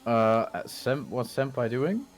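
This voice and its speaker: A man commentating a race over a gaming headset, hesitant and dry with deadpan jokes. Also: mid-range voice, takes it slowly.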